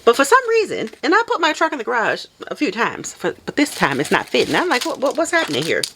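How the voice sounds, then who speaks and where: A woman chatting casually while packing orders, telling stories in an animated way and laughing often. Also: a little high, fast, a little hiss or hum, rough recording. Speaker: soap maker vlogger.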